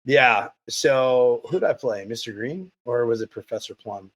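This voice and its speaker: A man hosting a podcast interview, telling stories in a rambling, animated way. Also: medium pitch, normal speed. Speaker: podcast host. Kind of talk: casual interview chat.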